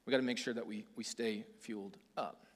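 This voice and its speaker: A man's voice: fairly low pitch, fairly even intonation, brisk. A man giving a casual, conversational sermon who acts out voices in the story. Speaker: preacher. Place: church hall. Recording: hall reverb.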